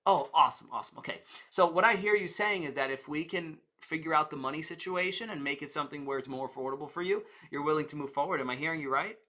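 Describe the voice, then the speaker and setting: A man's voice: on the high side, quick pace, hardly any pauses, sharp tone. A man teaching communication and sales in a conversational way, explaining with stories and examples. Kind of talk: teaching talk to camera.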